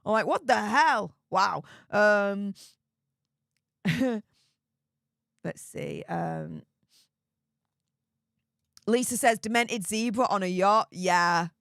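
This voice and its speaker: A young English woman hosting a live stream, rambling in a chatty, excitable way with plenty of fillers and mild cursing. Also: mid-range voice, creaky, clean tone, no room sound, clean studio sound. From Yorkshire, England. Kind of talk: casual live stream chat.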